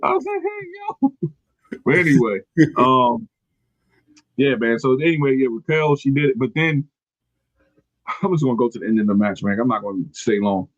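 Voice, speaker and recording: A man's voice: mid-range voice, normal speed, pauses often, no room sound, highs cut off. A man hosting a podcast, recapping casually from his notes, rambling and correcting himself as he goes. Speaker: podcast host. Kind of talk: casual wrestling recap chat.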